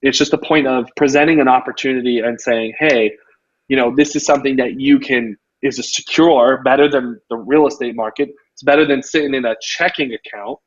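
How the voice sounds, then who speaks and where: A man hosting a casual interview as a real estate coach, telling stories with lots of "you know" and an animated delivery. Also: medium pitch, brisk. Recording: dull lo-fi audio.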